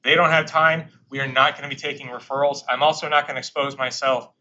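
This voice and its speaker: A man's voice: mid-range voice, flat delivery, quick pace, pushed and bright, muffled recording. A man presenting to a live audience of lawyers, conversational and emphatic, with frequent fillers and side remarks. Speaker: government attorney presenting to bankruptcy practitioners. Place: courtroom or meeting room.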